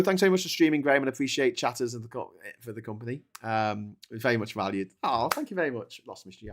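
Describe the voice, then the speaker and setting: A man's voice: on the low side, a bit bright. A British man hosting a casual live stream, reading viewer comments aloud and wandering off on chatty tangents with frequent laughs and restarts. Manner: chatty, digressive, laughs often, stammering restarts. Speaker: host.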